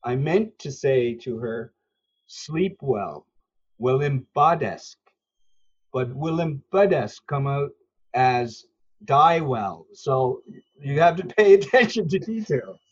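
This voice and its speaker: A man's voice: medium pitch, animated, unhurried, darkish tone. Patient, teacherly man on dull audio. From Newfoundland, Canada. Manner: patient, teacherly, hesitant fillers. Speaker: interview guest, language learner. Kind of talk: earnest conversational explanation.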